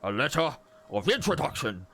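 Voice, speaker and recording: A man's voice: mid-range voice, very animated, normal speed, gravelly, fairly bright tone, pitched above the performer's own voice, heavily acted. A man voicing a cheerful, fussy older bird-folk magistrate who stammers eagerly. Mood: pleased.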